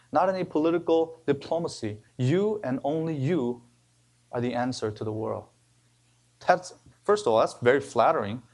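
A male pastor delivering a sermon with a gravelly edge to his voice. He preaches emphatically, climbing on the words he stresses and sinking quiet to close his points. His pitch sits in an ordinary middle range. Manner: emphatic preaching with rises and sudden drops.

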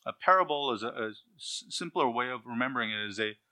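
A man preaching a sermon, reading scripture aloud and explaining it, slowing down to stress key words. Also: mid-range voice, expressive, pushed and bright. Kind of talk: expository sermon.

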